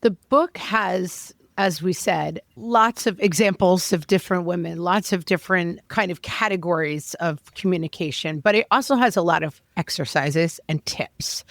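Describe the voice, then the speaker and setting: A woman co-hosting a podcast interview, measured as she sets up a question for her guest. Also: lowish voice, fairly bright tone, no echo. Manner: measured, reads a passage then asks a question. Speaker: podcast co-host.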